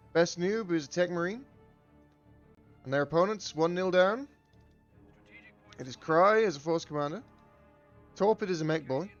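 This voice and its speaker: A man's voice: fairly high pitch, dull audio. A man casting a live game tournament with loose, joking play-by-play. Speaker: tournament caster.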